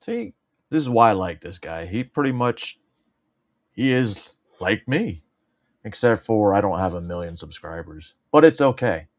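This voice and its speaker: A man's voice: lowish voice, expressive, measured pace. A man co-hosting, cracking sarcastic, profane jokes in casual chat. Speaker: co-host.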